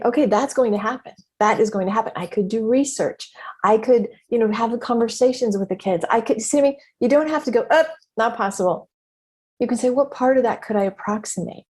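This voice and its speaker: Woman, middle-aged, podcast host, husky voice, candid, expressive, casual reflective talk. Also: fairly high pitch. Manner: candid and expressive, swears freely. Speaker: podcast host and business mentor.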